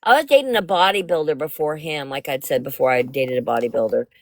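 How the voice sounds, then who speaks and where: A woman's voice: low-pitched, fast, a little hiss or hum. A middle-aged woman hosting a casual livestream chat, telling stories frankly with casual swearing. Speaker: livestream host.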